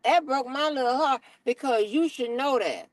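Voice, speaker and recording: A middle-aged woman, telling a story as an animated, profane, exasperated rant on her stream. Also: sits high, normal speed, dry recording, poor audio.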